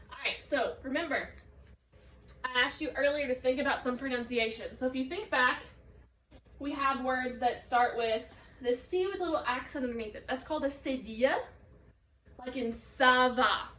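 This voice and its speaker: A woman's voice: sits high, a bit bright. A woman French teacher recording a video lesson, explaining step by step and modelling French words and phrases. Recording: echoey room, voice a bit far from the mic.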